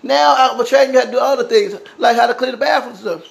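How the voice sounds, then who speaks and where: A man's voice: very high-pitched, fairly even intonation, fast talker, gravelly, full character voice. A man voicing a stern but caring female boss in his story, blunt and firm.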